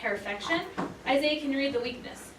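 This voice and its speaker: A woman's voice: high-pitched, a little fast. A woman teaching a class, upbeat and encouraging, playfully hyping the lesson. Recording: echoey room, mic far off, noisy.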